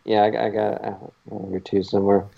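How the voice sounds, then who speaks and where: A man's voice: fairly low pitch, little pitch movement, fast, gravelly. A man co-hosting a podcast, chatting casually, rambling a little and laughing often. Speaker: podcast co-host. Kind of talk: casual chat. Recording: dull lo-fi recording.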